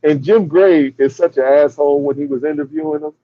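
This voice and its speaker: A man's voice: a little high, animated, brisk. A man giving emphatic, dismissive boxing critique as a podcast co-host. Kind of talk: casual boxing chat. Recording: dull dry lo-fi audio.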